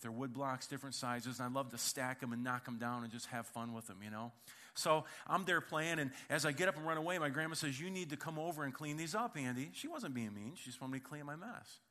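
Bright-voiced male pastor telling stories. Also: mid-range voice. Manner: humorous, conversational, addresses congregation directly. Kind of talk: sermon with storytelling. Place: church.

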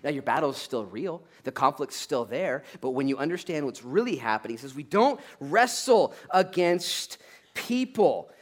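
A man preaching a conversational sermon in an animated, joking way, who drives his points home with a repeated "okay?" and breaks into loud acted-out asides. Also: on the high side, moderate pace. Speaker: pastor.

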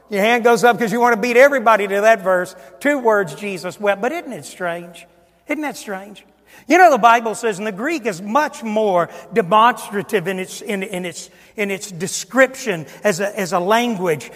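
An older man, a pastor, preaching a sermon, swinging from booming emphasis down to hushed, near-whispered asides. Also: normal speed, long reverb tail. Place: church sanctuary.

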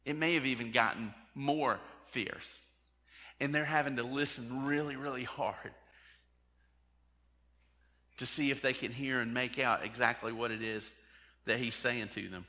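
Bright-voiced preacher in a reverberant hall. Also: male voice, mid-range voice, fairly even intonation, unhurried, pauses often. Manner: conversational, asks the congregation direct questions. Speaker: pastor. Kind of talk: sermon.

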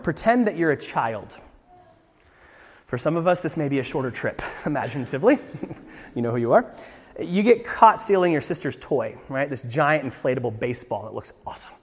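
A male pastor preaching a sermon with a fairly high voice that carries a long reverb through the church hall. His manner is earnest, swelling into emphatic bursts and rhetorical questions aimed at the congregation. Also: a bit bright. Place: church sanctuary.

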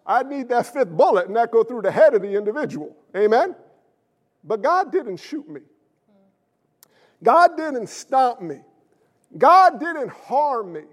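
A male pastor preaching an impassioned, blunt sermon in plain folksy talk, in a church sanctuary. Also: very high-pitched. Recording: long hall reverb.

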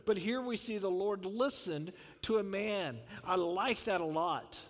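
A man's voice: sits high, measured pace, big-room sound. A man preaching a conversational sermon, full of asides and rhetorical questions. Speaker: pastor.

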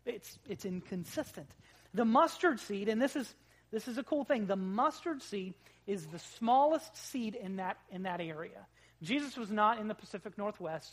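A pastor preaching a sermon in a conversational, joking way, swinging between loud emphasis and quiet asides. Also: mid-range voice. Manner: conversational, with jokes and acted-out quotes.

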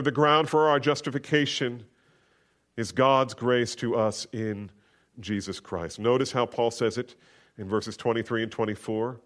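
A man delivering a sermon at a mid-range pitch. His delivery is emphatic, and his voice climbs and slows when he quotes scripture. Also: a bit bright. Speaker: preacher.

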